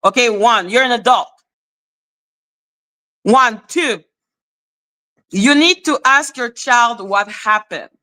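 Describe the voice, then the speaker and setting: A woman hosting a casual live stream, telling a gossip story in an animated, exasperated way and swearing freely. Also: fairly high pitch, takes it slowly, long pauses.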